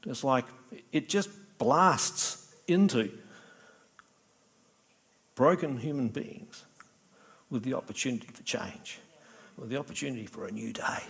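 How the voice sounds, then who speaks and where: A man's voice: medium pitch, measured pace, vocal fry, pauses often, a bit bright, breathy edge. A middle-aged man preaching a sermon in a conversational way, acting out little dialogues. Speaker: pastor.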